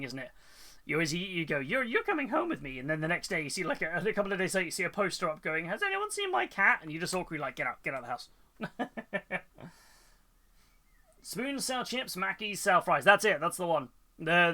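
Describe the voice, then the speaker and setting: Bright chatty British man streaming. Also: on the high side. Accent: British English. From United Kingdom. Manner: chatty, rambling, laughs often. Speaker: Twitch streamer painting miniatures. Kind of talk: casual live-stream chat.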